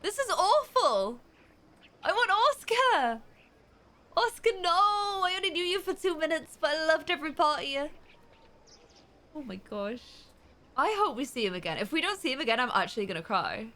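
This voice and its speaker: A young woman streamer giving animated, chatty let's play commentary. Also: high voice, fast. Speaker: gaming streamer. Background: faint game music.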